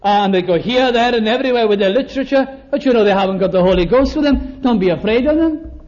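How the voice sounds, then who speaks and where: An older man preaching a sermon, slowing down to stress key words and acting out small exchanges. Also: very high-pitched, darkish tone. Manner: slows down for emphasis, acts out little dialogues. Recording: dull lo-fi recording.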